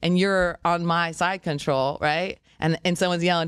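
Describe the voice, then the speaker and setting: Lively woman guest, dry sound. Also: fairly low pitch, normal speed, clear, resonant tone, no echo. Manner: lively storyteller, laughs easily. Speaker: podcast guest, jiu-jitsu gym owner and coach. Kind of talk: casual interview chat.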